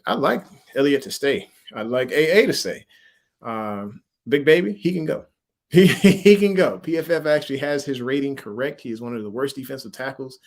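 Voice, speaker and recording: A man from Louisiana hosts a casual sports livestream, talking with a mixed Southern and military accent. His delivery is animated and slangy, and he breaks into laughs often. His voice sits at an ordinary middle pitch. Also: vocal fry. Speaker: livestream host.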